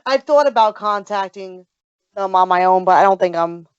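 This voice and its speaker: A woman's voice: mid-range voice, normal speed, clear, resonant tone, no room sound, lo-fi sound. A woman hosting a casual podcast interview, eagerly asking curious questions. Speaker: podcast host.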